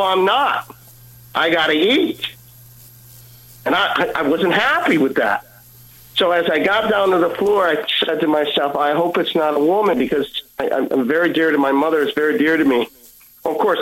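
A man speaks as a guest on a radio broadcast, telling a personal story in an earnest way. He acts out the lines of the people in it, and his voice sits a little high for a man. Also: a bit bright, poor audio. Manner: earnest storytelling, acting out dialogue. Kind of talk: personal testimony.

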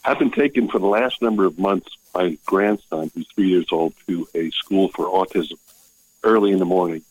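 Older guy caller, very deep husky voice, earnest and choked up, dry close sound. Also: darkish tone, dry recording, rough recording. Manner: earnest, emotional, halting restarts. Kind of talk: call-in testimony.

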